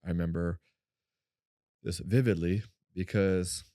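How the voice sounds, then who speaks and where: A man co-hosting a faith-based podcast, telling a personal story in an animated way and acting out what people said. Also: a little slow, dry recording, studio quality. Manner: animated storyteller, acts out quotes in a high voice. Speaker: podcast co-host.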